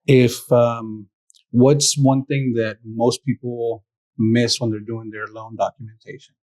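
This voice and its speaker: A male podcast host with a middle-pitched voice keeps the interview moving. He affirms what his guest says and sums up the advice for his listeners. The sound is dry and close to the mic. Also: little pitch movement, slow, darkish tone, dry recording, poor audio.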